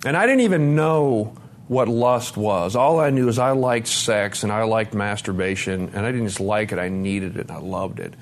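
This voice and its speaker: A middle-aged man telling his own story at a recovery conference, candid and self-deprecating, swearing freely and dropping low and quiet on heavy points. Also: normal speed. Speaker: recovery meeting speaker. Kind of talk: personal testimony talk. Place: conference meeting room with live audience.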